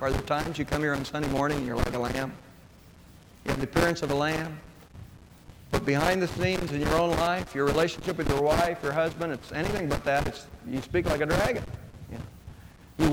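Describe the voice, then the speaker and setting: A man's voice: on the high side, normal speed. A male pastor preaching a sermon to his congregation, asking rhetorical questions and answering them himself. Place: church sanctuary. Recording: hall reverb with clear background noise.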